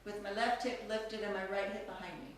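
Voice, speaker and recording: A woman's voice: medium pitch, steady tone, brisk, a little hiss or hum. A woman teaching a live online belly dance class, counting beats aloud and laughing often between steps. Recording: echoey room, distant from mic.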